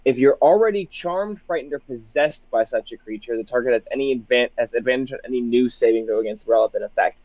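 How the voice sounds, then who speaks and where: A man playing a tabletop game, chatting casually and thinking aloud in halting restarts. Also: medium pitch, no echo, muffled recording. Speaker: player.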